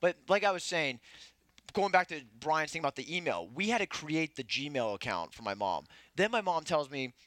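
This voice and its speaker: A young man from Texas co-hosting a podcast, telling animated stories in casual chat. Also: a little high, moderate pace, dry recording. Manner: animated storyteller, mimics his mom. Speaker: podcast co-host.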